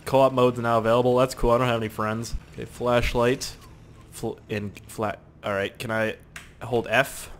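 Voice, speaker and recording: A young man giving let's play commentary, excitable and profane, yelling at the game. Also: mid-range voice, moderate pace, slight background noise. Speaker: gaming youtuber.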